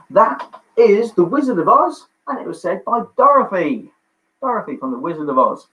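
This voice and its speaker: A man hosting a livestreamed pub quiz from home, chatty and jokey, reading out answers with quick asides. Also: a little high, very animated, fairly bright tone. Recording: dull lo-fi livestream audio.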